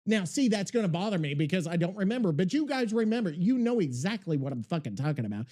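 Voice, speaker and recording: A man hosting a podcast in casual chat, rambling, excitable and swearing freely. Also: sits high, fast talker. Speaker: podcast host.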